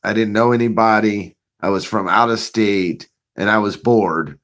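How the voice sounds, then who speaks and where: A man's voice: lowish voice, normal speed. A man casually telling a story on his own show, swearing often, laughing now and then, and acting out the scenes. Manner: profane, laughing, animated retelling. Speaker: vlogger.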